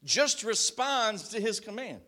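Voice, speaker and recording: A male pastor preaching a sermon, swinging dramatically between loud proclamations and hushed, confessional asides. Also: high-pitched, sing-song, a little slow.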